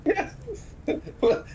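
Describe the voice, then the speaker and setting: A man in his fifties chatting on a game livestream, excitable and laughing through his own storytelling. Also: lo-fi sound, a little hiss or hum. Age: 50s. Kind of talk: casual chat.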